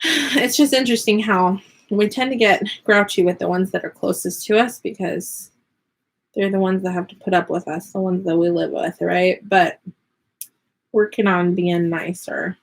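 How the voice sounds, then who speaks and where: A woman's voice: medium pitch, steady tone, moderate pace, creaky. Woman, thirties, casual live chat, rambling, giggly, filler-heavy, at home. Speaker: vlogger and online teacher.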